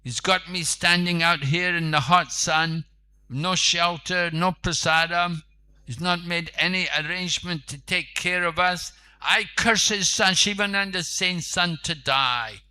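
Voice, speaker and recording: A man's voice: high-pitched, measured pace, smooth, pitched above the performer's own voice, heavily acted. A man voicing an impatient male holy leader who curses in anger at being left in the hot sun. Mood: angry. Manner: loud indignant complaining.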